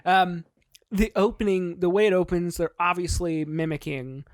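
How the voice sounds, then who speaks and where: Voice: medium pitch, fairly even intonation, normal speed, dry recording, clean studio sound. A podcast co-host in a casual film review chat who laughs often and chimes in with short agreeing replies.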